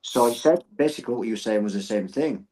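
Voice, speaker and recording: A man's voice: medium pitch, fast, dark tone, poor audio. A middle-aged man, a gym owner and coach talking earnestly as a podcast guest and repeating phrases for emphasis.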